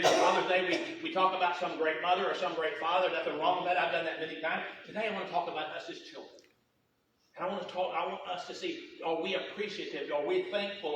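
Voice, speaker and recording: A middle-aged man preaching a sermon, telling folksy stories with lots of repetition and quick humor. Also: high voice, bright, forceful tone, slight background noise. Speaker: pastor. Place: church sanctuary. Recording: roomy church hall, voice from a distance.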